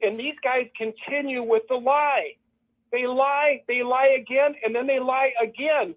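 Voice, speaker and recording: A man speaks in a fairly high voice, heard through a thin, phone-like line. He talks with fervent repetition and drops into mocking imitations of the people he criticizes. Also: steady tone, unhurried. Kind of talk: impassioned call-in commentary.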